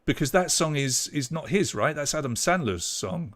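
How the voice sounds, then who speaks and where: A young British man hosts an online pub quiz on a live stream, chatty and loose as he reads out scores and names, trailing off whenever a name escapes him. His voice is a little high and fairly bright, animated, and at normal speed.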